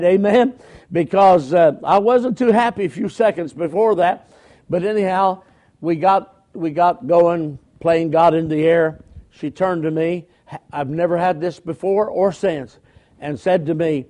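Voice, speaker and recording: A man's voice: fairly high pitch, measured pace, mellow. An older man preaching, telling folksy stories in a conversational way and calling out for amens. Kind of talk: storytelling sermon.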